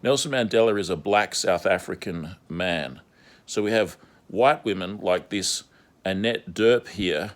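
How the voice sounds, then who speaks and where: A man's voice: low voice, a little slow. A man delivering a repetitive, insistent monologue as an online commentator. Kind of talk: ranting monologue vlog.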